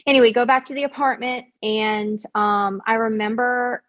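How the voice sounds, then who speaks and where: A woman tells her own story as a guest, in a casual, lively way. She leans on "like" as a filler and acts out what she and others said. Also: fairly high pitch, normal speed. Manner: animated, acts out quoted voices; frequent fillers like "like". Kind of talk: personal storytelling.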